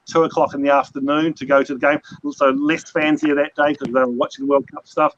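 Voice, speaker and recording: A man's voice: a little high, fairly bright tone. A man with a New Zealand accent, hosting a casual chat and telling long, rambling stories with many restarts. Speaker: host. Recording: dull lo-fi audio, faint noise.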